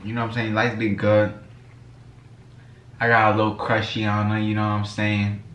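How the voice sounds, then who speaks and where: A young man casually chatting while he eats through a fast-food meal, laid-back and slangy, dropping "you know what I'm saying" again and again. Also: lowish voice, monotone, a bit bright. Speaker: vlogger and musician. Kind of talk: casual mukbang chat while eating. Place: room at home. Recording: echoey room.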